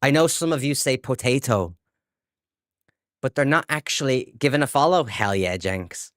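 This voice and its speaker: An Irish man in his young adult years talks casually to his viewers as he plays. His voice sits at an ordinary pitch, close and dry on a desk microphone, upbeat and chatty. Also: expressive, moderate pace, dry recording. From Ireland. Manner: chatty, reads out chat and answers viewers, upbeat. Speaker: game streamer. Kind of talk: casual live-stream chat while gaming.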